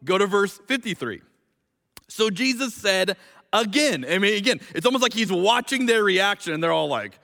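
A man preaching with a high, ringing voice, chatty and animated, then slowing down to read scripture with weight. His voice carries a long reverb, as if he is in a church hall. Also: creaky. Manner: conversational, animated, reads scripture slowly and emphatically. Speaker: pastor. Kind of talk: sermon.

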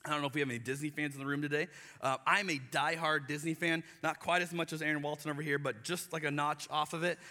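A man in his thirties preaching a sermon, telling animated stories and acting out quoted voices with exaggerated emphasis. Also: on the high side, fast. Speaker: pastor. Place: church hall. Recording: live church hall with long reverb.

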